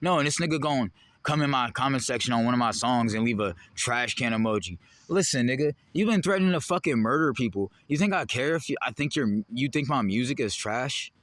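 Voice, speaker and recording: A man's voice: medium pitch, lively intonation, a little fast, fairly bright tone, no room sound. A man in a heated, rambling, profane monologue to the camera. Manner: heated, rambling, profane, jumping between topics. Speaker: vlogger.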